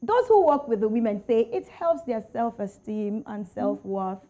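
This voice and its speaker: A Nigerian woman hosting a lively panel chat, teasing her guests and reading out quotes. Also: on the high side, moderate pace. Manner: animated, teasing, reads out tweets. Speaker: talk show host.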